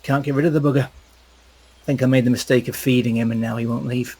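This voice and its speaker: A man doing an exasperated gruff adventurer. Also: medium pitch, fairly even intonation, brisk. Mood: grumbling. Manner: exasperated grumbling, loud bursts. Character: gruff grumbling male adventurer with a dog.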